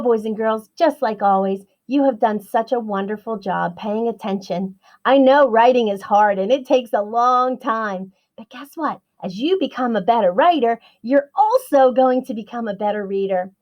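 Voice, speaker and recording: Woman, early-grades teacher; bright encouraging sing-song delivery, lo-fi dull recording. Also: medium pitch. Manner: slow, sing-song and encouraging, stretching words out for young learners. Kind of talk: children's online writing lesson.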